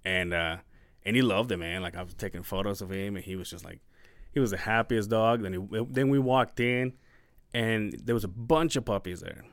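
Low-voiced man telling a story in halting bursts. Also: dry recording. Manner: halting, full of restarts and swearing. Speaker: podcast co-host. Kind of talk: casual storytelling chat.

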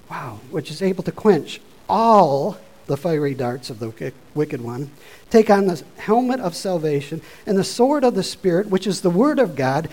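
A man preaching a sermon, informal and conversational, rising from quiet asides to loud exhortation. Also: a little high, rough recording.

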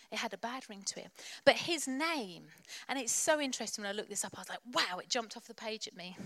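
A woman's voice: fairly high pitch, a bit bright, dry recording. A woman preacher delivering a sermon in church, passionate and exhorting, with playful asides.

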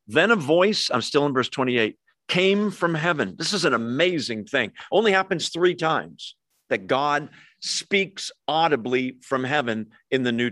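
A man preaching a verse-by-verse sermon, his pitch sitting in the middle of a man's range. He keeps putting questions to the congregation. The sound is dry and close, with no room echo. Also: fairly bright tone. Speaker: pastor.

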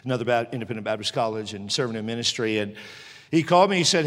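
A middle-aged pastor delivers a sermon, shifting from joking chat into loud, fervent preaching. He speaks fast in a medium-pitched voice, in a large hall.

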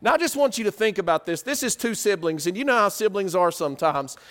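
A man with a high voice preaches a sermon quickly and in a lively, conversational style. As he tells the story he keeps firing rhetorical questions at his listeners, and his pitch swings widely between high and low.

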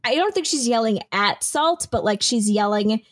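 A woman's voice: on the high side, lively intonation, moderate pace, no room sound. Chatty woman narrating her game character. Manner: chatty, frequent "like" fillers. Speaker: tabletop game player.

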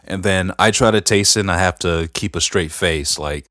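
A middle-aged man with a deep, low voice talks in a casual podcast chat. He tells family stories earnestly, rambling a little and leaning on fillers. The sound is dry and close, with no room around it. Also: normal speed, few pauses, a bit bright, no echo. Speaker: podcast co-host.

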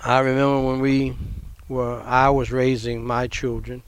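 A man's voice: medium pitch, level tone, a little slow, clear, resonant tone. An older man, a pastor, preaching a sermon in a conversational way, repeating phrases and adding asides.

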